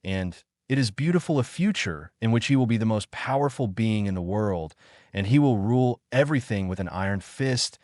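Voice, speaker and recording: A man's voice: on the low side, animated, normal speed, a little mellow, no echo, studio quality, lightly acted. A man voicing a sneering villainous ninja teacher. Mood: gloating. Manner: sneering, gloating. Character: arrogant treacherous male ninja instructor, villain. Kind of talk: fan story read aloud.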